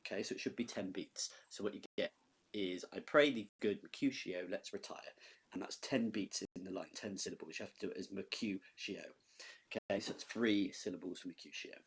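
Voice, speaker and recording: A man's voice: deep voice, brisk, husky. A male teacher talking through a recorded lesson in a conversational way, checking in with the class with frequent "okay?"s.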